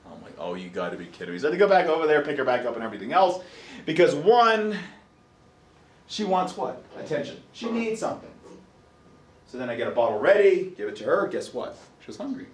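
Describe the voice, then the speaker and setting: Animated male lecturer in an echoey classroom. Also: a little high, brisk, recorded from a distance. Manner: lively storyteller, acts out his own reactions, asks the class questions. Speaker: college psychology lecturer.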